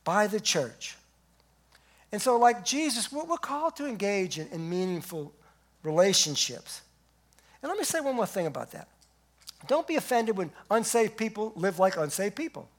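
A man preaches from the pulpit, his voice sitting high for a man. He swings between forceful, raised declarations and soft, hushed moments as he delivers the sermon. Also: big pitch swings, moderate pace. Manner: emphatic preaching that swings from loud to quiet. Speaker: pastor. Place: church sanctuary.

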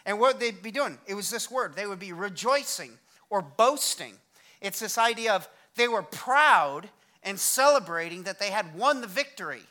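Lively, bright-voiced preaching man. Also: high-pitched, moderate pace. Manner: energetic, conversational preaching with self-deprecating humor. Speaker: pastor. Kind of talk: sermon.

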